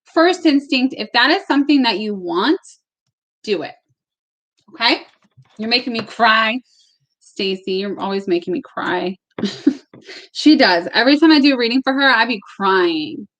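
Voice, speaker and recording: A woman's voice: a little high, animated, moderate pace, pauses often, fairly bright tone, muffled recording. A woman giving live-stream tarot readings at home, chatty and casual, sometimes emotional, with the odd swear word. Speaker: tarot reader. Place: home with barking dogs.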